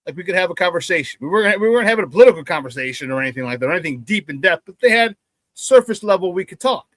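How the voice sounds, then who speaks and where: A middle-aged man hosting a sports talk show, telling stories with animated energy and acting out the banter he remembers. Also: high voice, rapid-fire, no echo. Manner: animated storyteller, acts out quoted banter loudly, laughs often.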